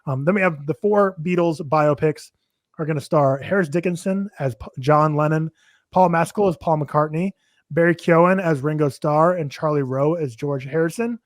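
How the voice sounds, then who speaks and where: A man's voice: on the high side, moderate pace, dry recording, clean studio sound. A man hosting a casual movie podcast, running animatedly through film news. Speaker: podcast host.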